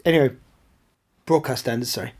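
A woman's voice: rumbling low, a little fast, darkish tone, husky. A woman, co-hosting a podcast and recapping a TV episode with laughing, teasing banter. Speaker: podcast co-host. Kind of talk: casual chat recapping a TV episode.

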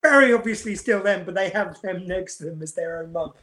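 A woman co-hosting a podcast, chatting about a TV episode with quick asides and rhetorical questions. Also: on the low side, a crowd in the background. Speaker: podcast co-host. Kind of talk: casual chat reviewing a TV episode.

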